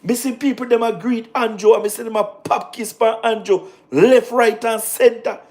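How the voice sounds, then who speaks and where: Jamaican man, high register, animated political livestream host, repeats himself, patois mixed in. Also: normal speed. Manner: animated, repetitive, talks in patois with laughs. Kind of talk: casual political livestream commentary.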